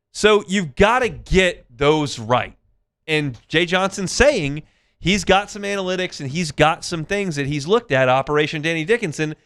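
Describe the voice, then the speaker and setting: A man hosting a sports talk radio show, chatting in a conversational, animated way with fillers and restarts. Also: mid-range voice, smooth. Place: radio studio. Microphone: studio microphone.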